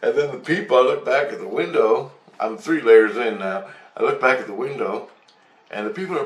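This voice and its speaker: A man telling a rambling story of a vision, excitable, swearing and acting out voices. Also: medium pitch, moderate pace. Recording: roomy, distant from mic.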